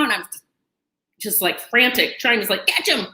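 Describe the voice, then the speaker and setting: A woman's voice: a little high, animated, normal speed, pushed and bright. A woman host telling a personal story to camera in a chatty, dramatic way, with asides and laughter. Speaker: channel host. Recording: echoey room.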